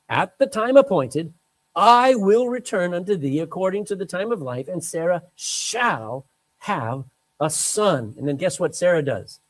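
Preacher guy w a high lively voice, reads the bible then jumps in w asides. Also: poor audio. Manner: animated, emphatic Bible reading with asides. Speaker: pastor. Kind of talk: sermon.

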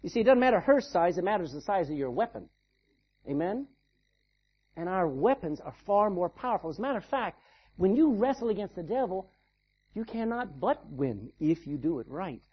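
A male pastor delivering an animated sermon, acting out little scenes and calling for amens. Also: high voice, moderate pace, slightly rough, dull audio. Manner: animated preaching with acted-out asides.

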